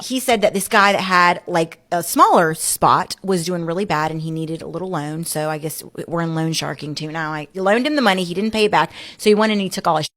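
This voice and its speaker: A woman guest in a casual interview, telling her story in an animated way, acting out what others said and often saying "like". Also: lowish voice, fast talker, few pauses. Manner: animated, acts out quoted speech; frequent filler "like".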